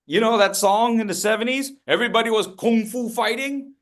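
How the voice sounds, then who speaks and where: This man speaks fairly quickly in a high voice. He's leading a public speaking workshop by video call, calling on participants by name and demonstrating gestures with playful voices.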